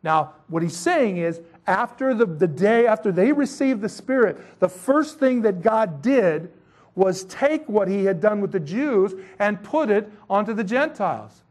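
A man teaching a Bible chapter in a casual, conversational sermon, with animated, slangy asides. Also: high-pitched, measured pace.

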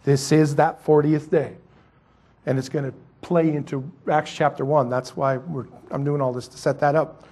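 A male pastor preaching a sermon, swinging between loud emphatic lines and quiet asides. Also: on the high side, level tone, normal speed, slightly rough.

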